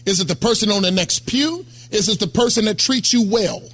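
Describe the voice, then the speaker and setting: A middle-aged pastor preaches in a high, bright voice. He talks to the congregation like a friend, checking in with them again and again. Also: expressive, fairly quick, breathy edge. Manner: conversational preaching, calls out to congregation. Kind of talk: sermon.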